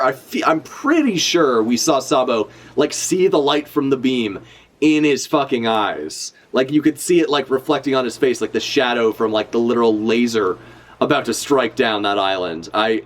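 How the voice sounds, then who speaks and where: A man's voice: medium pitch, animated, normal speed. A young man streaming a live reaction, talking casually with lots of swearing and filler words. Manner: casual, profane, full of fillers.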